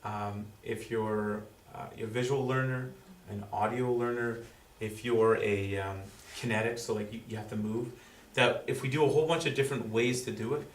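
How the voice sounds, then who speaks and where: A man giving a school presentation to parents, explaining in a halting way full of fillers and restarts. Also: mid-range voice, fairly even intonation. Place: school room with audience. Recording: roomy, distant, faint background noise.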